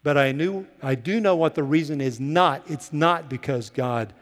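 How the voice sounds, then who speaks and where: Man, pastor, emphatic sermon delivery, high lively voice, long hall reverb. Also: moderate pace. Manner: emphatic preaching, repeats key lines for the congregation.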